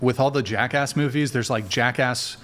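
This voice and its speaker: Male live-stream host, mid-pitched, quick probing interjections. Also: steady tone, a bit bright. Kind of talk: live-stream talk show hosting.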